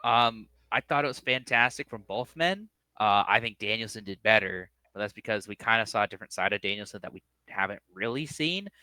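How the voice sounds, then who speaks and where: A man co-hosting a casual wrestling podcast, with a bright, forward voice. He talks animatedly and mimics people in squeaky put-on voices, recorded dry and close. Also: a little fast, hardly any pauses, dry recording. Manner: animated, acts out quotes in high voices. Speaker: podcast co-host. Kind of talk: casual wrestling review chat.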